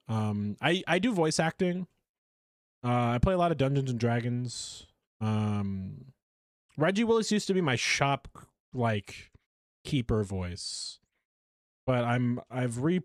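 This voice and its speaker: A man's voice: mid-range voice, big pitch swings, measured pace, no echo, clean studio sound. A man streaming a game live, chatty and self-mocking as he talks through his play. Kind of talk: live gameplay commentary.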